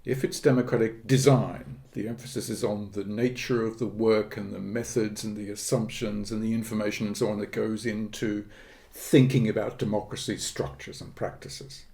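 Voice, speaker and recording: Gravelly, measured academic man. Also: fairly low pitch, little pitch movement, a little mellow. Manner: measured, academic, pauses with fillers and restarts. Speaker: guest, politics professor. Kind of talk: podcast interview.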